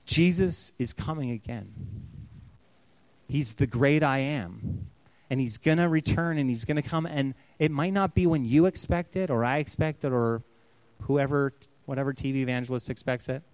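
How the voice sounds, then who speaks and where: A man's voice: mid-range voice, moderate pace, no echo. Pastor, male, 30s, earnest storyteller, dry close sound. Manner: earnest, storytelling, often softening to a hush. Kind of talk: sermon.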